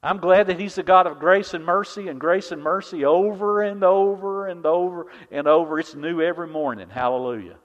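A man preaching a sermon as pastor, impassioned, swinging from loud declarations to hushed, intimate lines. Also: sits high, fairly quick, few pauses. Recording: dull, reverberant hall sound.

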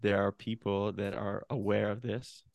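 A man who works as a movement coach, speaking as a podcast guest in an earnest, measured way. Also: on the low side, level tone, vocal fry, dry recording.

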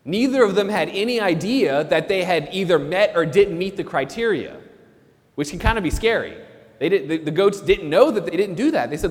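Priest guy preaching, kinda high voice, earnest, repeats stuff, lots of church echo. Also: very animated, fairly quick. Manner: earnest, repeats key phrases for emphasis. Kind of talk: sermon.

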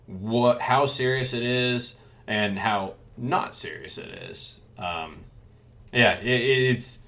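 A man co-hosts a loose podcast conversation. His mid-pitched voice is bright and forward. He wanders through his thoughts, restarting sentences and swearing casually. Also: slow. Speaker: podcast co-host. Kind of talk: casual chat about a manga.

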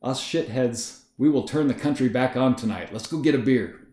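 A man's voice: medium pitch, moderate pace, a little mellow, reverberant, natural voice. A man voicing a cheerful, upbeat male friend who talks in a breezy, reassuring way, in an audio story.

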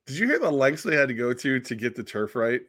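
A man's voice: medium pitch, sing-song, fast, fairly bright tone, no echo, studio quality. Teasing man hosting a football podcast. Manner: teasing, rambling with many fillers. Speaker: podcast host. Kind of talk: casual sports podcast banter.

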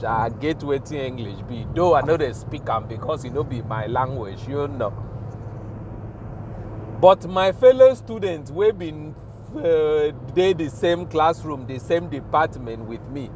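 A young Nigerian man with a Pidgin accent, telling a story casually with laughs, recorded outdoors near traffic. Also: on the high side. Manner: animated, laughing, slow drawn-out telling.

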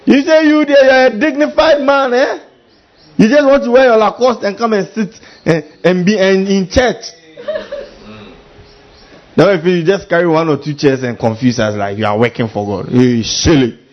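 A man preaching a sermon as pastor, animated and full of mimicry, with a husky voice. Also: on the high side, moderate pace, dull audio.

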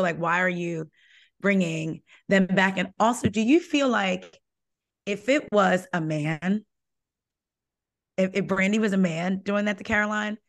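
A young woman hosting a casual gossip podcast, animated and emphatic, with lots of "like" in her speech. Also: mid-range voice. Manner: animated, emphatic, says "like" a lot. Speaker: podcast host. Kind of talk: casual pop-culture gossip chat.

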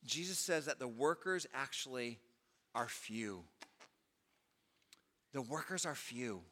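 A man's voice: mid-range voice, lively intonation, takes it slowly, a bit bright. A male pastor preaching a sermon in a conversational way, often saying "you know", in a large church auditorium. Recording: long reverb of a large hall.

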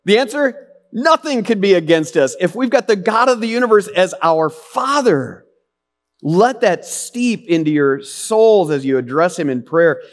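A man's voice: high voice, expressive, measured pace. A middle-aged man preaching a sermon, earnest and conversational, with rhetorical questions and asides. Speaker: pastor.

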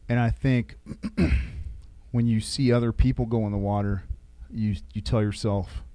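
A man with a somewhat low voice recalls his military training as a guest in a casual interview. He tells his stories haltingly, often breaking off and starting over. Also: fairly even intonation, dark tone, smooth, no room sound. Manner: halting storytelling with restarts.

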